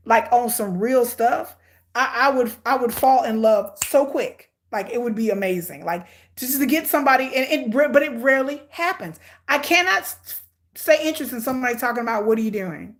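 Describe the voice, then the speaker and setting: High-voiced blunt, animated woman. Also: moderate pace. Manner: hyperactive and energetic. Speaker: reality TV commentator. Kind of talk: casual live watch-along commentary.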